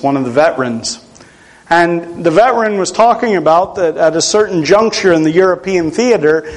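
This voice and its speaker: A man's voice: fairly high pitch, poor audio. A man from Pennsylvania preaching a sermon in a conversational way, with self-deprecating humor.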